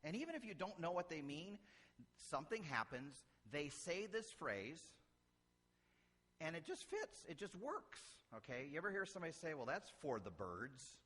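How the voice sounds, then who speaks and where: A man's voice: on the high side, sing-song, normal speed, a bit bright. A middle-aged man from Illinois, a pastor preaching a sermon with folksy, humorous stories. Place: church sanctuary. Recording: church hall reverb.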